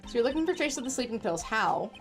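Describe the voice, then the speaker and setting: A woman reading a calm young male lawyer. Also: on the high side, fast, faint music behind. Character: young male defense lawyer, curious and level-headed.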